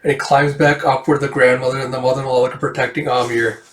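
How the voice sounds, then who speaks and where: A man's voice: medium pitch, flat delivery, fast. A man casually reading through a comic, rambling with fillers and acting out the dialogue. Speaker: manga reader. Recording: echoey room, distant mic.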